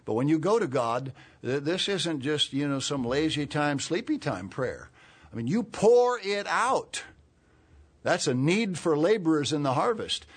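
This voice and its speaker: A man preaching a sermon. He explains words slowly and clearly, then builds to urgent, emphatic calls. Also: on the high side, big pitch swings. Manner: expository, spells out Greek words, rises to urgent emphasis.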